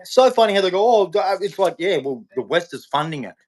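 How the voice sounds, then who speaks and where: A man's voice: sits high, lively intonation, fast talker. A man hosting a live show, talking in a heated, rambling and repetitive way, often restarting his sentences. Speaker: host. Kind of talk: unscripted live commentary. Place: hot room in Queensland.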